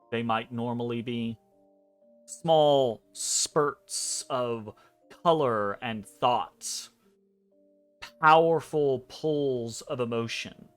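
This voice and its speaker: A man narrating a tabletop game as game master. He speaks in a slow, dreamy way with frequent "um" pauses, over an online voice chat. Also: medium pitch, clean tone.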